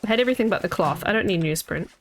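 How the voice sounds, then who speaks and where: A woman's voice: mid-range voice, animated, racing. Chatty woman streamer rambling while playing. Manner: rambling and chatty, trailing off and restarting. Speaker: game streamer. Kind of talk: casual gameplay commentary chatting with viewers.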